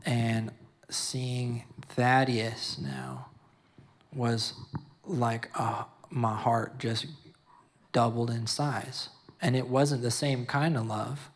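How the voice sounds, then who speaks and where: Halting young man giving a heartfelt testimony. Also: mid-range voice, expressive. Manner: halting, repeats words, slips into preaching. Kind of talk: emotional personal testimony at a youth service.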